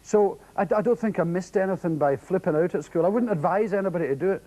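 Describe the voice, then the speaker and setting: A Scottish man doing a stand-up storytelling set, lively and animated, often mimicking others in sharp high voices. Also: fast, low-quality recording. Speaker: comedian. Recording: 1980s TV audience show, loud crowd and noise. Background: loud audience laughter.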